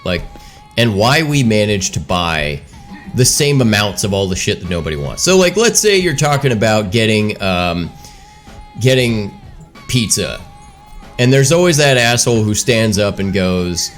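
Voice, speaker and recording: Animated, swearing male streamer. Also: medium pitch, normal speed, faint music behind. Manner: profane, exasperated, animated storytelling. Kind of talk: casual rant while gaming live.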